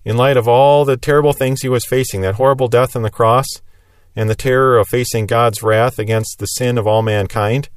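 A man's voice: mid-range voice, smooth, no room sound. Earnest male preacher, dry sound. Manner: earnest, explanatory, rising emphasis on repeated phrases. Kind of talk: sermon.

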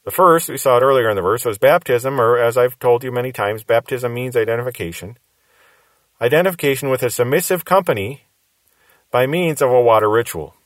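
A man's voice: mid-range voice, fairly quick, dry recording. A man preaching a verse-by-verse Bible teaching sermon, explaining patiently and repeating key phrases for emphasis.

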